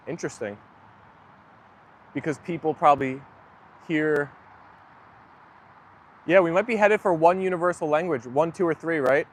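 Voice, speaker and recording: A man's voice: fairly high pitch, a little hiss or hum. A man livestreaming from his phone on a rainy outdoor walk with his dogs, chatting to viewers in a rambling, self-deprecating way. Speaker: dog owner livestreaming to viewers. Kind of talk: casual live chat.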